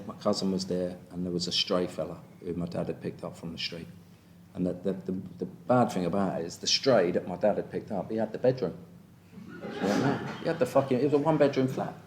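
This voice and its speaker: A man's voice: low voice, fairly even intonation, a little fast, darkish tone, slight background noise. An English man in his fifties giving a frank personal share at a recovery meeting, bluntly asking "do you know what I mean" again and again. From England. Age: 50s. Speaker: speaker sharing at a recovery meeting.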